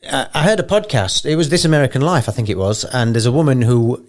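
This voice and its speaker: A man's voice: medium pitch, fast talker. A man with an English accent hosting a podcast in casual chat, wry and rambling, feeling poorly and emotional. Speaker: podcast host.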